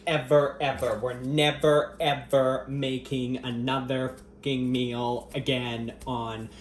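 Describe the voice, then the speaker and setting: A man vlogging as he cooks in his home kitchen. He talks straight to his viewers in a profane, sarcastic, mock-dramatic way and teases them. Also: mid-range voice. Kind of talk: cooking vlog chat to camera. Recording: echoey kitchen with faint ambient noise.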